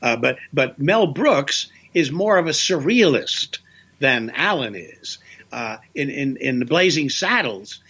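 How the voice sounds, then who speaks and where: An older man, a voice actor guest, telling lively anecdotes in an interview with playful voice bits. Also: medium pitch, a little slow, breathy edge.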